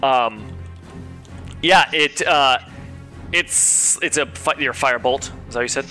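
A man's voice: medium pitch, takes it slowly, sharp tone, faint music behind. A man running a tabletop game as game master, easygoing as he narrates and calls for rolls.

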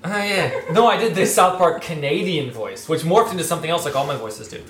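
A woman's voice: low voice, lively intonation, a little fast, a little hiss or hum. A woman narrating as game master in a chatty, self-mocking way. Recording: echoey room with music.

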